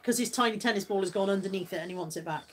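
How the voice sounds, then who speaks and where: A woman's voice: mid-range voice, racing, slightly rough. A British woman hosting a casual live stream, chatting, laughing and reading out viewer comments. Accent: British English.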